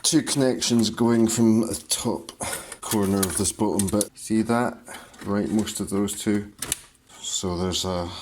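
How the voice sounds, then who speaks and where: A man's voice: on the low side, background noise. A man hosting a hands-on repair tutorial, talking in clipped, terse step-by-step phrases. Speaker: host of a repair tutorial channel.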